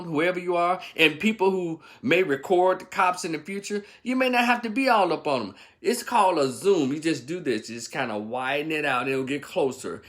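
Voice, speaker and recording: Blunt, scolding male vlogger with a high voice. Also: a bit bright. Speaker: opinion vlogger. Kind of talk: ranting commentary.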